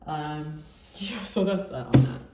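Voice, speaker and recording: A woman's voice: sits low, animated, slow pace, over loud music. A woman giving a casual tarot reading, chatty and exclamatory, with lots of fillers. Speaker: tarot reader. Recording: echoey room, distant mic, faint noise.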